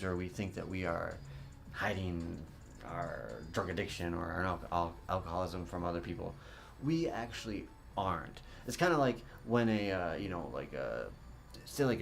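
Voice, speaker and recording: Low-voiced man riffing casually. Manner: conversational, profane, jokey asides. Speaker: podcast host. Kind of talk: casual spoken monologue.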